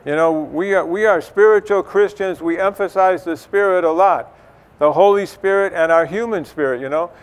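A man's voice: high-pitched, normal speed, clear, resonant tone. A middle-aged man giving an informal church teaching, conversational, with many fillers and restarts. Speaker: church speaker.

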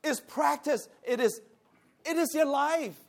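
A man from Taiwan, teaching a lively church lesson, talking back and forth with the class and laughing often. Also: very high-pitched, measured pace, creaky.

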